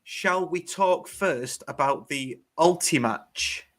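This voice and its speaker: A man's voice: fairly high pitch, slow pace, a bit bright. A man with an English accent co-hosting a football fan podcast, chatty and laughing easily, with many fillers. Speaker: podcast co-host. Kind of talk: casual football chat.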